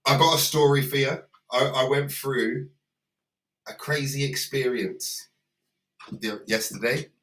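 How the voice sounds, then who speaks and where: A man of middle pitch chatting casually, sitting back from the microphone in a room that echoes. He tells a story loosely and laughs a lot. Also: unhurried, a bit bright, recorded from a distance. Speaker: performer co-hosting a livestream. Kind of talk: casual chat.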